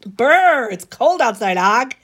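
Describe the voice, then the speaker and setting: A woman's voice: a little high, sing-song, slow pace, a bit bright, full character voice. A woman doing a shy young schoolgirl. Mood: chilly.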